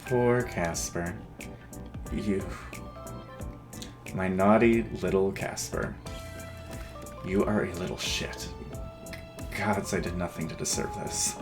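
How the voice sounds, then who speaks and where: A man voicing a brooding, flirtatious male grim reaper in a dating game, with a low, teasing delivery. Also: steady tone, slow, pauses often, over music. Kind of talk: voiced dating-game dialogue.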